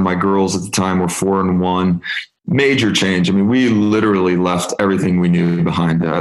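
50s guy telling stories as a guest, low voice, echoey room. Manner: candid, animated storyteller. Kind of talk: storytelling interview answer.

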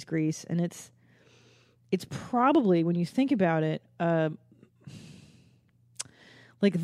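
A woman in her forties from the Los Angeles area hosts a podcast, rambling through a casual comedic monologue that's profane and self-mocking. Her voice is lowish and warm, recorded at studio quality with no room sound.

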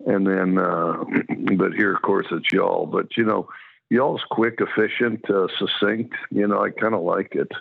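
A football coach from Wyoming with a drawl, answering in a halting way full of fillers and restarts. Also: male voice, sits low, fairly even intonation. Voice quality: gravelly. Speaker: college football coach, guest. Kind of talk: phone interview. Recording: tinny phone line.

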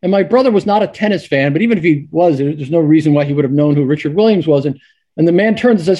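A middle-aged sportswriter appearing as a guest tells stories casually, full of restarts and fillers. His voice is a little high, brisk and dark, on a muffled recording.

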